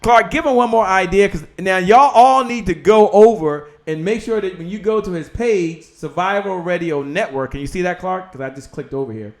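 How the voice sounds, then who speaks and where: A man hosting a live-streamed talk show, excitable and animated, talking straight to his viewers and his guest. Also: high-pitched, normal speed, hardly any pauses. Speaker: show host.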